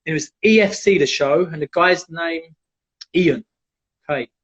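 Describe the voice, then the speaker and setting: A man telling animated stories in a casual live chat and acting out the people in them. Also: a little high, moderate pace, husky. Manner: animated, acts out quoted voices. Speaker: guest, jiu-jitsu black belt. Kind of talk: casual storytelling on a live stream. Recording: dull lo-fi live stream audio.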